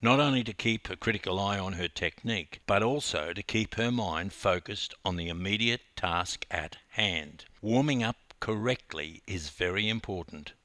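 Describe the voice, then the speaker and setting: A man's voice: on the low side, moderate pace, hardly any pauses, no echo. Man, coach-narrator, dramatic memoir delivery, dry close sound. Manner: animated, dramatic retelling that rises in intensity. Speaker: swimming coach.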